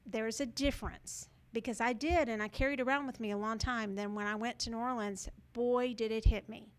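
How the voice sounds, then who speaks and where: A woman's voice: fairly high pitch, steady tone, fairly quick. A woman hosting a show, telling a personal story to viewers in a rambling, earnest way with many fillers and restarts. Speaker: show host.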